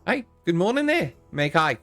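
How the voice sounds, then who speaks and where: A man voicing a cheerful, excitable young male tiefling student in a tabletop game. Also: high-pitched, moderate pace, dry recording, faint music behind, voice pushed up, full character voice. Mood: chipper. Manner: chipper, eager, chatty.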